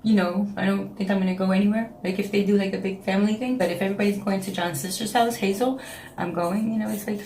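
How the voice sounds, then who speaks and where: A woman's voice: medium pitch, fairly even intonation, fast, a little mellow, roomy sound, a little hiss or hum. Frank New York woman venting at home. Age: 30s. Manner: frank, emotional, talks in repeated phrases. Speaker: vlogger. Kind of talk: casual confessional vlog. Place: home, indoors.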